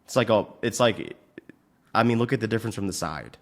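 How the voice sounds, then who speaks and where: A man hosting a fitness podcast, giving blunt, profane advice in a casual way and venting at his software. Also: lowish voice, vocal fry. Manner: profane, frustrated rants; blunt, rapid instructions. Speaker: fitness coach and podcast host.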